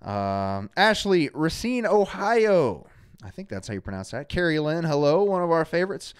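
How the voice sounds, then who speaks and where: A man hosts a live fan talk show from a studio. His voice is smooth and resonant, and his pitch swings widely as he reads out viewers' names with plenty of energy. He speaks in a fairly high register for a man. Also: moderate pace. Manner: energetic, shouts out viewers by name. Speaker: show host. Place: studio under hot lights.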